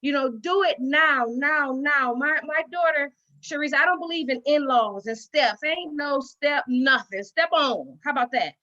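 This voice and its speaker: A woman's voice: sits high, unhurried, bright, forceful tone. A middle-aged woman giving a heartfelt personal speech at a women's dinner, folksy and storytelling, on a dull lo-fi recording. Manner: folksy storytelling with acted-out quotes and repetition. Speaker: guest speaker at a women's dinner. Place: dinner event venue.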